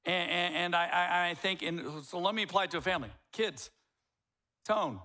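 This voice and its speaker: A male pastor in his fifties delivering a sermon in a blunt, emphatic way. He lands his points with wry humor. His voice sits fairly high for a man, and his tone is bright and forceful. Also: normal speed.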